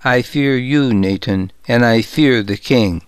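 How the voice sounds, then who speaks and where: A man voicing a proud, wronged young royal woman in an audiobook, keeping her lines low and restrained. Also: takes it slowly, clear, resonant tone, no echo, lightly acted. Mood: fearful, bitter.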